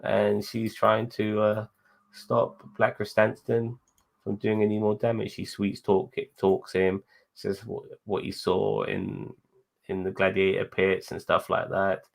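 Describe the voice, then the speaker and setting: A man's voice: fairly low pitch, completely flat delivery, measured pace, creaky. A man co-hosting a show, chatting casually in a rambling way, with lots of swearing and laughter. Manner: profane, rambling, laughs while talking. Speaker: podcast co-host. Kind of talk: casual chat.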